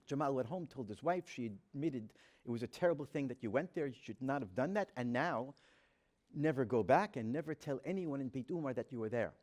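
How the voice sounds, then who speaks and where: A man's voice: mid-range voice, expressive, a little fast, darkish tone. A man, a rabbi, telling a personal story to an audience in an earnest, dramatic way, acting out the dialogue he quotes. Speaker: rabbi giving a talk.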